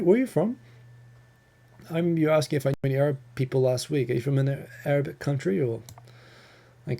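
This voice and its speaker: A man's voice: mid-range voice, creaky, mellow, slightly rough. A man with a New Zealand accent hosting a casual live Q&A, reading viewer questions and answering in a chatty, rambling way with frequent ums and restarts. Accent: New Zealand English.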